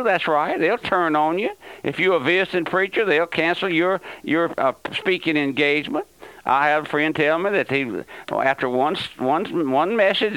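A man's voice: a little high, fairly bright tone, clean tone, no echo, rough recording. Older man preaching an emphatic sermon. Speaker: pastor. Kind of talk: radio sermon.

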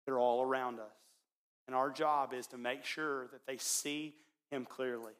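Animated pastor telling a sermon story. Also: male voice, medium pitch, unhurried. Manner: animated storyteller, swings between loud and hushed.

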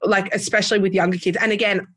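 A woman's voice: medium pitch, little pitch movement, quick pace, fairly bright tone. A woman in casual chat, sharing parenting advice and animatedly acting out what her toddler says.

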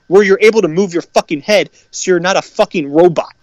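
A man's voice: sits high, a little fast, dry recording, highs cut off. A man co-hosting a sports podcast, ranting heatedly and swearing constantly about fans who complain. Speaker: podcast co-host. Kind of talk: profane sports rant.

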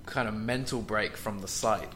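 A man chats casually as a podcast co-host, his tone bright and sharp. He restarts his sentences often, with a faint background noise under his voice. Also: lowish voice, normal speed.

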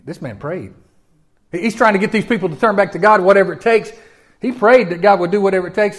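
A man preaching a sermon in a folksy, animated way, often asking his listeners questions. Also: sits high, a little fast. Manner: folksy and animated, with repeated restarts and audience questions. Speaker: pastor.

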